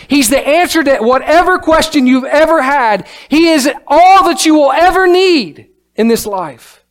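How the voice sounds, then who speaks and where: A man's voice: very high voice, lively intonation, unhurried. A man preaching a sermon from the pulpit, emphatic and building to exclamations, often reading scripture aloud. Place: church sanctuary.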